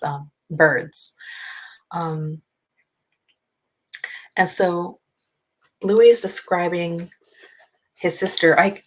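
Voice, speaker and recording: Low, unhurried woman host, casual book chat, rambling and full of ums. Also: low-quality recording. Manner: chatty, rambling, many ums.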